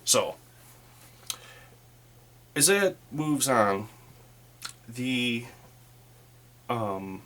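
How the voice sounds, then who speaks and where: A man narrating a solo tabletop game as game master, in a relaxed, rambling way. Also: mid-range voice, very slow, long pauses.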